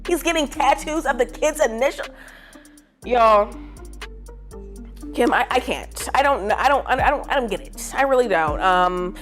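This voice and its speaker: A woman's voice: fairly high pitch, lively intonation, a little slow, long pauses, faint music behind. A young woman vlogging casual celebrity gossip to camera, slangy and dramatic with lots of fillers. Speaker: vlogger giving pop culture opinions.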